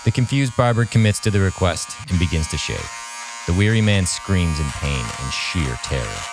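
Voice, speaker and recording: A man co-hosting a podcast, reading a horror script aloud in an even narrating voice. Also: low voice, moderate pace, heavy background noise. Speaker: podcast co-host and script reader.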